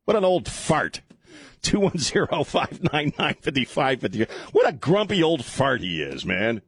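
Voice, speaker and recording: A male talk radio host ranting in a loose, irreverent way and often breaking into laughter. His voice is husky, and his pitch jumps around a lot. The studio sound is dry, with no room echo. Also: big pitch swings, moderate pace.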